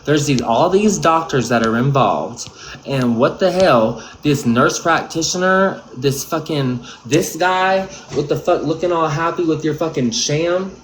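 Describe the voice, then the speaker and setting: A man's voice: on the high side, measured pace, a little hiss or hum. A man giving an angry, profane commentary rant on a livestream. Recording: roomy echo.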